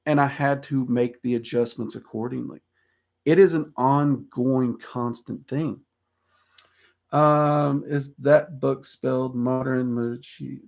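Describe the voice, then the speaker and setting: A man in his forties with a Southern drawl casually hosts an occult livestream, answering viewer questions frankly and ramblingly, with frequent ums and self-deprecating laughs. His medium-pitched voice is a little mellow with vocal fry, fairly even intonation, and a slow pace.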